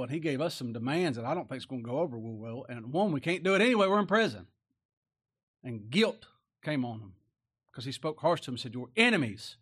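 Folksy preacher, higher voice. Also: male voice. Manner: folksy, with rhetorical tag questions; swings between loud emphatic lines and quiet, slowed asides. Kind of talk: sermon.

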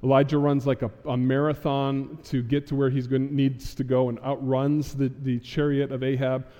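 A man's voice: medium pitch, little pitch movement, moderate pace, warm tone, in a large hall, highs cut off. A man preaching a sermon, acting out Bible figures in casual modern speech. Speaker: pastor. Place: church sanctuary.

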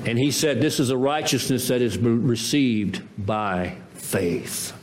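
A man's voice: mid-range voice, slow, noisy background. A man preaching a sermon as pastor, emphatic and full of rhetorical questions and repeated phrases.

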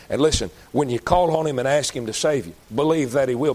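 A man's voice: mid-range voice, fast, hardly any pauses, a little mellow. A man preaching an evangelistic sermon, fervent and emphatic, pleading with his listeners.

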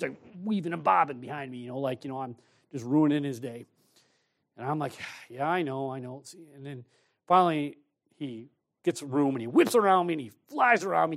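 A preacher delivers a sermon in a folksy, storytelling manner. He acts out lively bits of dialogue in a slightly high-pitched man's voice.

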